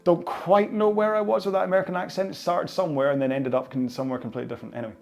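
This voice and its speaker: A man's voice: fairly high pitch, flat delivery, very fast, creaky, a little mellow. A man with a Scottish accent leading a follow-along stretching cooldown, chatting in a rambling, jokey way. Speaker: fitness instructor.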